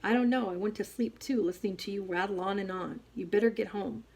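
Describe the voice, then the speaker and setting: Gentle quiet teen boy, soft-spoken, breathy voice, as a woman reads him, audiobook. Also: medium pitch, steady tone, quick pace. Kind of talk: audiobook reading.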